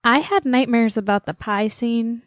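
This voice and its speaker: A woman co-hosting a podcast, chatting casually with deadpan, brief quips. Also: on the high side, unhurried, dry recording, studio quality. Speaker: podcast co-host. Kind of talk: casual chat.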